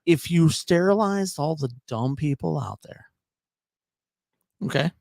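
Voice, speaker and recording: A man's voice: on the high side, animated, a little slow, creaky, a little mellow, no echo, clean studio sound. A man co-hosting a casual podcast over drinks, rambling and stammering through restarts. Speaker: podcast co-host.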